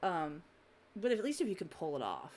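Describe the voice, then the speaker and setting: A woman's voice: on the low side, wildly swooping pitch, moderate pace, a little mellow. A woman hosting an unscripted podcast, chatty and giggly. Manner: giggly, chatty, swears freely. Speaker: podcast host. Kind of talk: casual unscripted chat.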